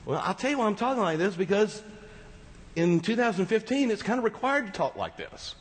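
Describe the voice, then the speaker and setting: In a big, echoing church hall, a male pastor delivers his sermon briskly, his high-sitting voice swinging widely in pitch. His tone is conversational, with rhetorical asides directed at the congregation.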